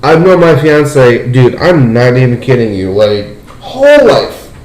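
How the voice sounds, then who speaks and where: A young man hosting a casual podcast chat, telling a story with lots of "like" and "dude" and jumping up in pitch when he gets excited. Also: unhurried. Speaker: podcast host. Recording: roomy echo.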